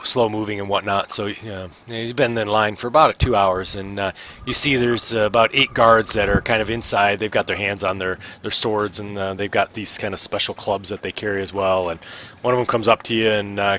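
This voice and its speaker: A man's voice: lowish voice, pushed and bright, slight background noise. A man narrating as the game master of an online tabletop game, talking loosely with many fillers.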